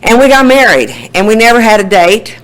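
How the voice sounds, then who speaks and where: A woman's voice: on the high side, a little fast, rough recording. A woman in her sixties with an Oklahoma accent, telling her life story in a folksy way at a recovery meeting, laughing often. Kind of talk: personal testimony.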